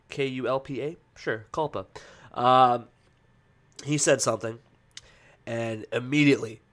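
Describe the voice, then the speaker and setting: A man's voice: medium pitch, fairly bright tone. A man hosts a casual podcast in an ordinary mid-range voice. He talks loosely and hesitantly, full of fillers and restarts, then slides into heated, profane ranting. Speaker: podcast host.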